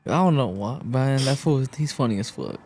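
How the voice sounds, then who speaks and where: A man's voice: mid-range voice, lively intonation, normal speed, darkish tone, faint music behind. A man bantering casually on a podcast in laid-back slang. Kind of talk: casual chat.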